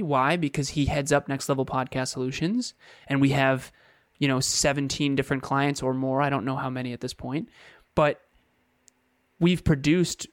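A podcast co-host, a man with a medium-pitched voice, earnestly explains his views in casual conversation, repeating short phrases. The recording is studio quality with no echo.

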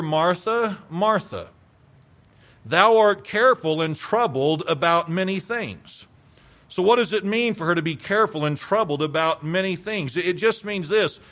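A man's voice: sits high, a bit bright. A male pastor preaching a sermon, emphatic, asking rhetorical questions and repeating phrases for weight.

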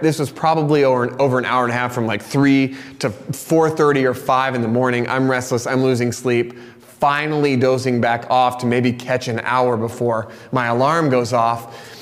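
Candid pastor in a reverberant hall. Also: male voice, mid-range voice, moderate pace. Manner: candid, animated storytelling that drops to a soft, confessional tone. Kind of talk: sermon with a personal story. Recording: long reverb of a large hall.

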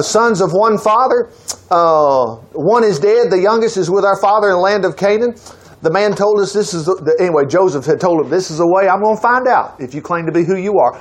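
A male preacher, reading scripture and retelling the story in an animated, conversational way, slipping into the characters' voices. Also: high voice. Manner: animated storytelling, voicing characters in quotes, repeating words. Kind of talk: sermon reading and explaining scripture.

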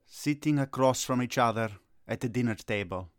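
A man's voice: medium pitch, moderate pace, dry recording. Brief: middle-aged male coach, brooding and theatrical, dry close sound. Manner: gloomy, melodramatic rants that flare into agitated Italian cursing. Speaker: youth soccer coach. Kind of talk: comedic sketch dialogue.

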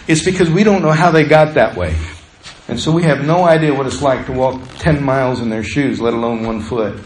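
A man's voice: medium pitch, animated, normal speed, reverberant, slight background noise, poor audio. A male pastor preaching a sermon in a conversational way, acting out the voices he quotes.

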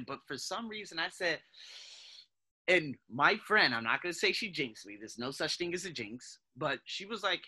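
A man hosts a podcast and delivers a casual motivational monologue straight to his listeners. His voice is very bright and tense and sits a little higher than most men's. He talks in an animated way, often stops to correct himself, and addresses his audience as "guys". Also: normal speed, breathy edge. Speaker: podcast host.

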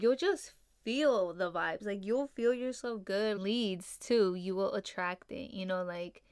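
A woman's voice: medium pitch, smooth, no room sound, clean studio sound. Laid-back young woman hosting a podcast. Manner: laid-back, upbeat, heavy on fillers like "you know" and "like". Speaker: podcast host. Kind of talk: casual solo podcast talk.

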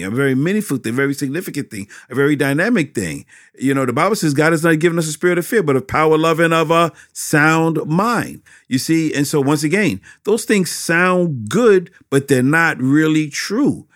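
A middle-aged man, a pastor, answering interview questions about teaching children, with animated, preacherly emphasis and frequent repetitions. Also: medium pitch, no echo, clean studio sound.

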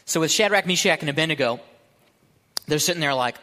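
A young man preaches to his church in a lively, joking way, with sudden shouts and laughs. His voice is bright and forceful, sitting a little high. It rings with the long reverb of a large hall. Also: unhurried, long pauses. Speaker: pastor. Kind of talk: sermon.

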